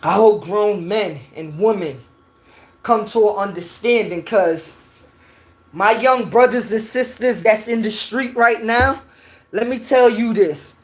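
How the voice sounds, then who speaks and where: A woman's voice: medium pitch, slow pace. A woman from New York with a New York accent, giving a heated, preachy opinion rant and repeating her points.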